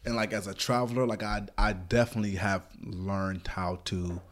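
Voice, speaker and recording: A man's voice: fairly low pitch, steady tone, moderate pace. A man co-hosting a podcast, talking in a laid-back, affirming way. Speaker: podcast co-host. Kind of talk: casual conversation.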